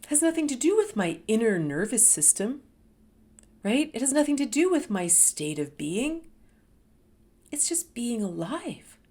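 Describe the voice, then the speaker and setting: A woman in her fifties hosting a talk, telling her own story in a candid, expressive way that dips into soft murmurs and rises with emphasis. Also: fairly high pitch, measured pace. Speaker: host sharing a personal story. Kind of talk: reflective personal storytelling.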